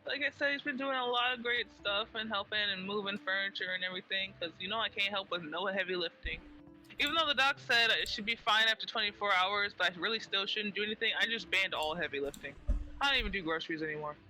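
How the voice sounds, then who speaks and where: A woman's voice: mid-range voice, fast, soft background music, rough recording. A woman streamer chatting casually while gaming, telling stories animatedly and acting out the people she quotes, on a headset mic. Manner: animated storyteller who acts out quoted people.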